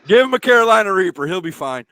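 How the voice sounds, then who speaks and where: A man's voice: sits high, sing-song, fast talker, a crowd in the background. A man hosting a casual live stream from home, chatting, reading out viewer comments and laughing often. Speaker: show host.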